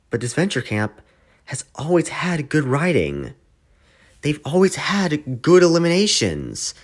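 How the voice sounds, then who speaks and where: A man hosting his own channel, giving an exasperated, swearing rant that swings between quiet grumbling and loud outbursts. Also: medium pitch. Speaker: channel host reviewing a cartoon episode. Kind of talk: ranting commentary.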